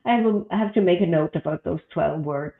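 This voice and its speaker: Female host, halting speech, tinny echoey call line. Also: fairly low pitch, gravelly. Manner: halting, with many fillers and restarts. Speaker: host, headhunter. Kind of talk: casual video-call chat. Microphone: video call.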